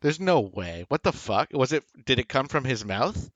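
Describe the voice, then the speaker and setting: A man co-hosting a podcast in a rambling, offhand chat, cursing now and then. His voice sits at a middling pitch. It comes through a slightly muffled, lo-fi mic with no room echo. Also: big pitch swings, normal speed, a bit bright. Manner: rambling, swears casually. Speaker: podcast co-host. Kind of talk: casual chat. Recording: dry, dull lo-fi mic.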